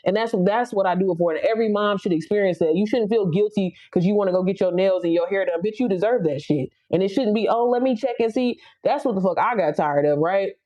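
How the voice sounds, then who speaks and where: A young woman rattles through a live stream pep talk at a quick clip, blunt and profane, pushing her viewers to start. Her voice is mellow and a little dark, and the sound is dull and lo-fi, like a phone stream. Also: medium pitch. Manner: blunt, profane, hype-up preaching. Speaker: live stream host, business coach. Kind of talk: casual motivational live chat.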